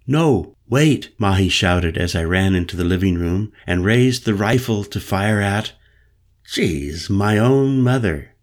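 A male audiobook narrator telling a first-person story in a measured, deliberate way. His voice sits low and he takes his time over every line.

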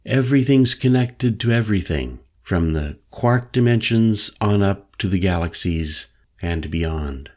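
Man voicing an old man, mystic elder, low penetrating voice, solemn, lecturing, deep, slow. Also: animated, a little mellow. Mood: earnest. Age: older. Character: old male mystic elder, insistent and preachy. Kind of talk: audiobook character voice.

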